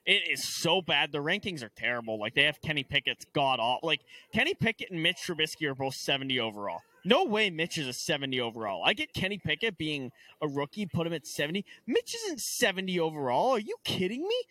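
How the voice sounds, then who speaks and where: A young man rants through a casual sports chat, exasperated and tripping over his own restarts. His voice sits high and bright, swinging widely in pitch. The sound is dry and close. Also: sing-song, fast, few pauses, dry recording. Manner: ranting, exasperated, stammering restarts. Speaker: podcast co-host.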